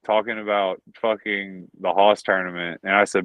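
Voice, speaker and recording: A man's voice: sits low, flat delivery, moderate pace, a bit bright, dry recording. A man with a Southern accent, a pro wrestler talking in a casual interview, rambling and swearing often. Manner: profane, rambling, says "dude" and "bro". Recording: dull lo-fi dry audio.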